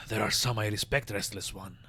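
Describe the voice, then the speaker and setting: A man voicing a frail, ancient male mortuary scribe in a raspy, grave, slow voice while reading game dialogue aloud. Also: fairly low pitch, steady tone, sharp tone. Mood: disdainful. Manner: slow solemn speech broken by coughing rasp.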